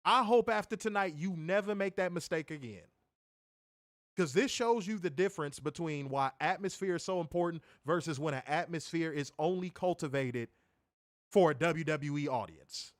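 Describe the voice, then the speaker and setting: A man co-hosting a review podcast, ranting and teasing in a loud, profane, animated way. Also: on the high side, moderate pace, no room sound, studio quality. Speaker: co-host of a wrestling review show. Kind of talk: casual podcast chat.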